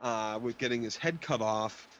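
A man co-hosting a podcast, casually discussing a TV episode and cutting in with lively, laughing asides. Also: medium pitch, normal speed, muffled recording. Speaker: podcast co-host.

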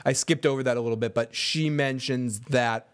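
A man's voice: medium pitch, fairly even intonation, moderate pace, smooth. A man co-hosting a casual recap podcast, swearing freely, laughing often and reading listener comments aloud. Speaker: podcast co-host.

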